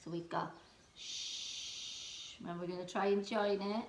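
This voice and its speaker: Speaking in a mid-range, slightly mellow voice with fairly even intonation, a Welsh primary school teacher leads a phonics lesson for learning at home. She sounds out each letter slowly, with encouragement.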